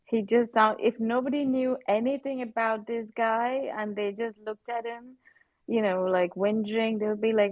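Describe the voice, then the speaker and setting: A woman's voice: on the high side, steady tone, measured pace, no echo, low-quality recording. A woman giving her strong, indignant view in a casual live chat, repeating words for emphasis. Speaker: panelist.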